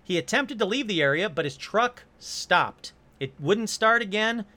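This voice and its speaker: A man hosting a casual storytelling monologue, animated and joking, with quick asides and apologies. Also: high voice. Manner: animated, jokey asides, puts on silly voices briefly. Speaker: host.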